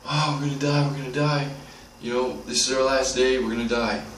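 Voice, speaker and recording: A man's voice: medium pitch, steady tone, fairly quick, a bit bright, voice pushed up, close to an everyday voice. A man acting out a frantic doomed adventurer. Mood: panicked. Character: panicking adventurer sure of death. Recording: roomy, distant from the mic, faint noise.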